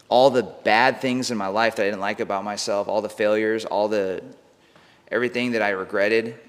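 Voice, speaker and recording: A man, a podcast guest, telling a personal story in a casual, slangy way, swearing freely and saying "bro" and "like" a lot. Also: on the low side. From United States. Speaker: podcast guest, mindset coach. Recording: long room reverb.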